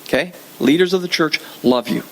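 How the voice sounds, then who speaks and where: A man's voice: a little high, fairly quick, vocal fry. An older man preaching a sermon in a church, conversational and joking, often repeating his phrases. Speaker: pastor.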